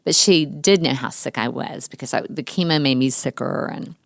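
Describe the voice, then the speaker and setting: Low, gravelly middle-aged woman telling stories. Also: normal speed, no room sound, studio quality. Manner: warm, chatty storyteller who laughs often; breaks into higher voices to quote her child. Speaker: interview guest. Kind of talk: personal storytelling in an interview.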